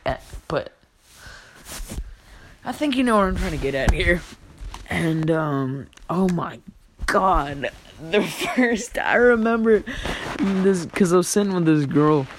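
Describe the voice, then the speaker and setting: A young adult vlogger telling a rambling, profane story in casual talk, often laughing and swinging from hushed to loud. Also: mid-range voice, animated, takes it slowly, long pauses, background noise.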